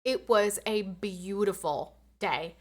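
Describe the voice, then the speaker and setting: A young woman streamer telling a story in casual chat, animated and swearing, acting out quotes loudly. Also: medium pitch, slow pace.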